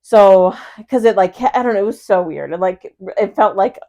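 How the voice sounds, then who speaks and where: Thirties woman co-host, chatty, lively storyteller who plays out every quote. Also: normal speed. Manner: animated storyteller, acts out quotes with big pitch jumps. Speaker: podcast co-host. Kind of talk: casual chat.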